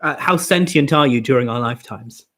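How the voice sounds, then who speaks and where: A man's voice: mid-range voice, a little fast, a bit bright. Amused male host of a comedy phone-in. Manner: amused, quizzing callers. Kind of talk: comedy phone-in show hosting.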